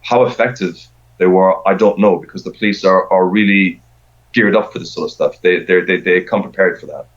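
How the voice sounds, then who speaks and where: A man's voice: deep voice, steady tone, brisk. A middle-aged man chatting as a podcast guest, rambling and often repeating words as he restarts his sentences. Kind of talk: casual conversation. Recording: dull lo-fi sound.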